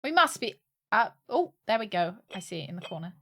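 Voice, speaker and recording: A woman's voice: medium pitch, very animated, a little fast, creaky, a bit bright, a little hiss or hum. A woman streaming a video game, chatting casually, laughing often and exclaiming at what she finds. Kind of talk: casual let's-play commentary.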